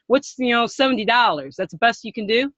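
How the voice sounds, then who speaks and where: A woman's voice: on the low side, expressive, normal speed, no echo, lightly acted. A woman role-playing an irate seller haggling over a phone price, ranting and indignant, on a dull, dry call line.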